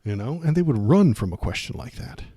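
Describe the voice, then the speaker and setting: A man's voice: mid-range voice, expressive, fairly quick, mellow, husky, no echo. Guy ranting on his political stream, sarcastic, rambly, chats w viewers, dry close mic. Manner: sarcastic, rambling, reads chat aloud. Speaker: political livestream host. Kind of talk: ranting livestream commentary.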